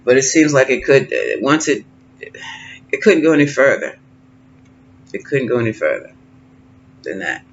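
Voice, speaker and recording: A man doing a tarot card reading, musing and thinking aloud with pauses, recorded at home. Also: medium pitch, sing-song. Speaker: tarot reader. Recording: slightly dull lo-fi sound with faint noise.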